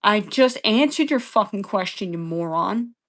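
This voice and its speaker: A woman's voice: medium pitch, lively intonation, moderate pace, fairly bright tone. Profane, combative woman arguing with chat. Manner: repeats phrases over and over. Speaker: livestream debater. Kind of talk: heated livestream argument with chat.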